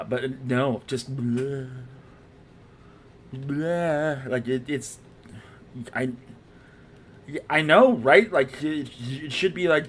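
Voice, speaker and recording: A man's voice: medium pitch, a little hiss or hum. A man streaming a video game, chatting casually in a rambling, profane, self-mocking way. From Irish heritage.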